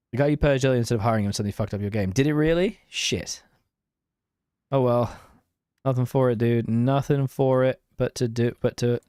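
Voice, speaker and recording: A young man streams a game casually, his mid-range voice dark in tone and recorded dry, like in a booth, with no room sound. He chatters in a self-deprecating, self-mocking way, reading the chat and answering it as he plays.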